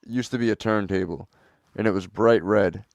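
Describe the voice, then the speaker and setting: A man's voice: fairly low pitch, normal speed, dry recording, clean studio sound. A man in a casual chat, telling stories animatedly with lots of "like" and swearing.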